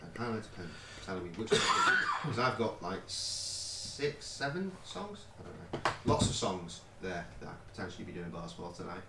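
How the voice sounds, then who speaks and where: A man's voice: deep voice, big pitch swings, normal speed, vocal fry. A man, chatting casually as he directs a home recording session. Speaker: stream host recording vocals. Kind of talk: casual studio chat. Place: home studio. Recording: echoey room, mic far off, noisy.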